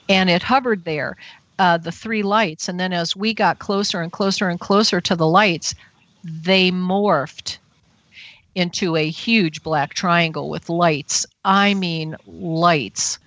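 A middle-aged woman tells her story in a chatty, filler-heavy way, her voice sitting a bit low. The sound is dry and close, with dull, lo-fi audio like a web radio stream. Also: a bit bright, no room sound. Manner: chatty, many fillers, quick laughs. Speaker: radio show guest, field investigator. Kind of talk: casual storytelling.

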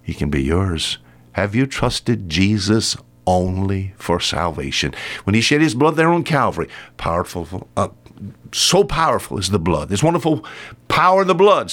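A man preaching a weekly radio sermon, emphatic, swinging his pitch up high and then dropping low and quiet on key points. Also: very animated, moderate pace.

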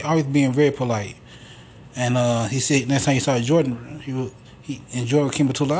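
A man's voice: medium pitch, steady tone, brisk, a little mellow, slight background noise. A man hosting a podcast alone, telling stories in a rambling, profane, casual way. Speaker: podcast host. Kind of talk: casual solo monologue.

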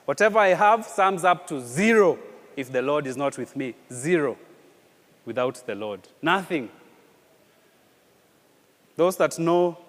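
A man preaching a sermon with a slightly high voice. He repeats phrases and asks rhetorical questions with animated emphasis. His voice carries a long reverb from a church hall. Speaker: pastor.

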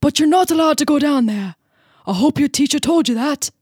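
A woman voicing a gruff old male farmer in a put-on English accent, giving a loud, stern warning. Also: high-pitched, lively intonation, brisk, dry recording, clean studio sound, pitched above the performer's own voice.

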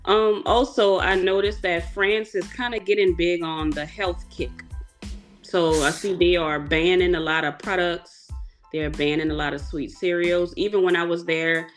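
A woman's voice: fairly low pitch, steady tone, measured pace, soft background music. An American woman hosting a podcast, asking friendly, curious questions in a casual chat. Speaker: podcast host. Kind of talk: casual conversational interview.

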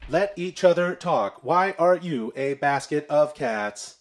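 A man's voice: on the high side, animated, slow pace. A man doing a prim, pedantic robot. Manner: stiff, correcting, mildly insulting. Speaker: podcast co-host bit.

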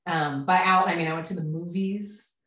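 A woman's voice: fairly low pitch, fairly even intonation, moderate pace, a bit bright, distant mic. Chatty woman in a roomy space. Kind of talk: casual chat. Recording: roomy echo.

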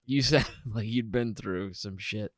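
A man's voice: lowish voice, measured pace, no echo, studio quality. A man in his forties co-hosting a podcast, bantering in a wry, teasing way. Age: 40s. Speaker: podcast co-host. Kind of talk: casual chat.

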